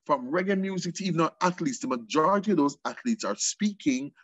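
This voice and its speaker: Man, Jamaican accent, guest, emphatic, mixes patois and English, fairly high, husky. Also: expressive, fast, a bit bright, no echo. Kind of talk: passionate conversational interview.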